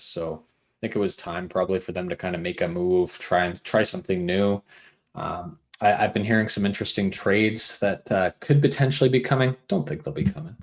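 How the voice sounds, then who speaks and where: A man co-hosting a casual sports podcast, upbeat and jokey with playful asides. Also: lowish voice. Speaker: podcast co-host.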